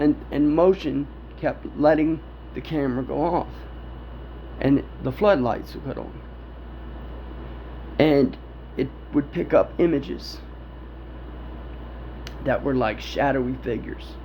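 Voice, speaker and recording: In a gravelly, darkish, medium-pitched voice, a man rambles through a story about a personal encounter, swearing and frequently laughing. Faint background noise sits under the dull lo-fi audio.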